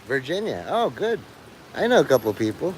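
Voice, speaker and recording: A man's voice: mid-range voice, very animated, moderate pace. Middle-aged guy rambling outside in the rain, crude and cussing, bit of traffic noise behind him. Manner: rambling, crude, swears loudly at the sky. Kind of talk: rambling outdoor livestream monologue. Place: outdoors in the rain near traffic.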